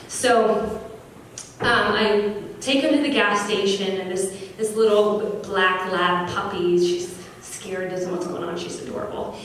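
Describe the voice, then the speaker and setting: A woman founder giving an earnest, animated storytelling speech at an opening event. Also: medium pitch, a little slow. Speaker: business founder. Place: large echoey venue at an opening event. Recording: echoey room from far off, faint noise.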